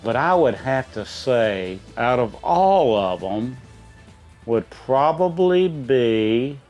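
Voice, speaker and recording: A middle-aged man, a dad hosting a trivia chat, answering in rambling, folksy explanations. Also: medium pitch. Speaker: quiz host, a gamer's dad answering questions. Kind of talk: casual chat.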